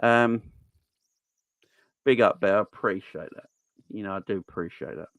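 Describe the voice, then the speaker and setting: A man's voice: on the low side, moderate pace, no room sound. Guy hosting a footy live stream q&a, earnest, keeps repeating himself, dry close sound. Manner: earnest, repeats phrases for emphasis. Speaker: football channel host. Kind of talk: casual live-stream Q&A chat.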